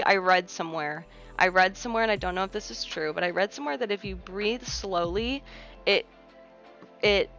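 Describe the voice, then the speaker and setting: Young woman streamer, gentle reassuring chat, gravelly fry, muffled audio with soft music underneath. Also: mid-range voice. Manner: gentle, reassuring, chatty with many fillers. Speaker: livestream host. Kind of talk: casual chat reading viewer comments. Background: faint background music.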